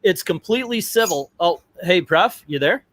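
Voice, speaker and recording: Middle-aged male streamer, a touch higher pitched, casual and digressive commentary. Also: expressive, moderate pace, a bit bright, dry recording. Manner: chatty and digressive, talks aside to family. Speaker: livestream host.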